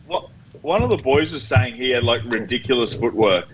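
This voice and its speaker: A man's voice: medium pitch, lively intonation, normal speed. A man chatting casually on a podcast, rambling and teasing, with mate in every other phrase. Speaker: podcast co-host. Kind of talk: casual chat. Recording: very noisy call line.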